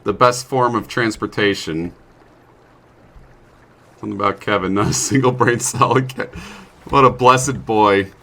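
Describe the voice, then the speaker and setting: This streamer's lowish, gravelly voice is unhurried, with long pauses and a bright, forceful tone. A young man, he commentates his survival-game play in a chatty, self-mocking let's play, sometimes yelping in sudden startlement.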